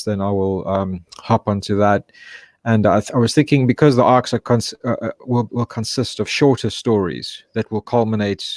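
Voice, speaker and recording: A comic creator talks in a flat, monotone voice and keeps stopping to find his words. The sound is dry and close, with no room echo around the man. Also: lowish voice. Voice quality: self-described monotone voice. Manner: halting, searching for words. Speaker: comic book creator guest. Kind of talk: casual chat.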